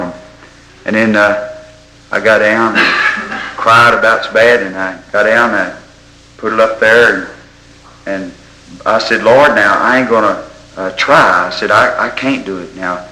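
A man preaching a sermon, telling folksy stories and rising into loud exhortation. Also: fairly low pitch, moderate pace, long pauses, rough recording.

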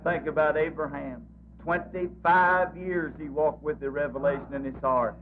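A man's voice: a little high, normal speed, phone-quality sound, a little hiss or hum. A man preaching a revival sermon, fervent and folksy, repeating phrases in a rolling rhythm.

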